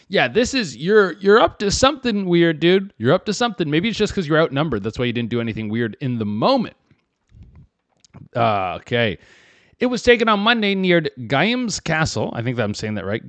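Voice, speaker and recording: A young man hosting a comedy podcast, riffing casually and acting out characters in quick put-on voices. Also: medium pitch, no room sound. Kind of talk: casual comic commentary.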